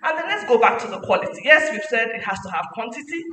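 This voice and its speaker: A woman delivers a lively motivational talk, her bright, forceful voice carrying through an echoing hall. She sounds set back from the mic, with a faint hum of noise behind her. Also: on the high side, fast, recorded from a distance. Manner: animated, preachy, mixing in laughs. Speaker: guest speaker at a parenting summit.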